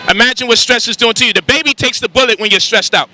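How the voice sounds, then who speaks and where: A man giving a street lecture with crude banter, animated and firing rhetorical questions at passers-by, outdoors on a city street. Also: very high voice, quick pace, slight background noise, low-quality recording. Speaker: street speaker.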